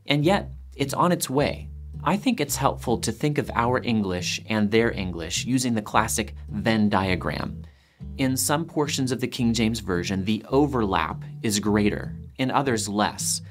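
Lively male documentary narrator over guitar. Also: lowish voice, measured pace. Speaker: presenter.

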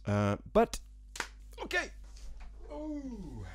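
A singer-songwriter from Scotland, his Scottish accent softened by years in England, rambling to viewers in a casual vlog with dry, self-mocking jokes. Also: very high voice, wildly swooping pitch, drawn-out words. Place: small room at home, with a fan.

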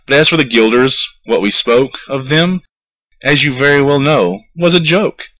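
A man's voice: mid-range voice, normal speed, pushed and bright, voice pushed up, lightly acted, poor audio. A man reading a poem aloud, voicing a greedy, blustering town mayor who raises his voice to wheedle and scold. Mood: wheedling. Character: scheming greedy town mayor, male, middle-aged. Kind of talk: poetry recitation.

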